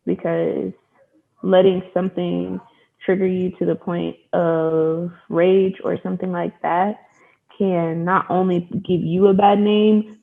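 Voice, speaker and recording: A panelist in a discussion, speaking candidly and frankly in quick bursts. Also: medium pitch, creaky, narrow, tinny audio. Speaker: panelist, sorority or fraternity member.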